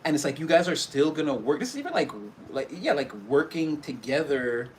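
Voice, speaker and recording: A man's voice: on the high side, lively intonation, brisk, slight background noise. Rambling man giving a tarot reading. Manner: rambling, loose, full of fillers and restarts. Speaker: tarot reader. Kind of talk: casual spoken tarot reading.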